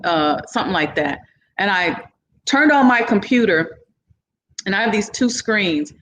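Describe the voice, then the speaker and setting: Woman guest, middle-pitched voice, animated storyteller who plays out each person's lines, loose casual phrasing. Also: a little hiss or hum. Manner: animated, acts out other people's lines in the story. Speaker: entrepreneur guest.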